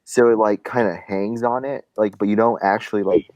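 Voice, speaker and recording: A man's voice: fairly low pitch, fairly even intonation, fairly quick, a little mellow, dry recording, highs cut off. Rambling young man telling a story. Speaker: podcast co-host telling a story. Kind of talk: casual profane chat.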